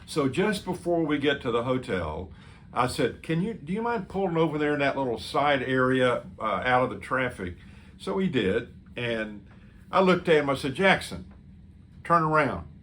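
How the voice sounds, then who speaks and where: A man's voice: medium pitch, very animated, moderate pace, fairly bright tone, a little hiss or hum. A man speaking as a pastor, earnestly telling a story in a sermon and quoting what he said to someone. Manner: earnest, quoting his own words to others.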